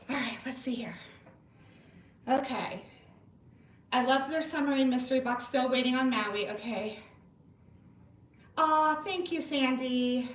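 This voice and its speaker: A bubbly woman in her thirties hosts a casual livestream from a room at home, gushing as she chats with viewers. Her voice is high-pitched and fairly bright, captured from a distance in an echoey room away from the mic.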